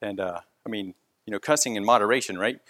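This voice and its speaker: A man's voice: on the low side, quick pace, a bit bright. A man who leads a concrete crew tells a story in casual, earnest speech full of restarts. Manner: rambling, with frequent restarts.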